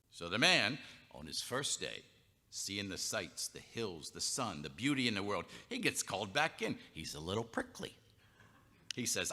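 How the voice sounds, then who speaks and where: A man's voice: medium pitch, very animated, normal speed, pushed and bright. A man telling a story in a wry, theatrical comic way on a chapel stage. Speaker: storyteller performer. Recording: reverberant chapel hall.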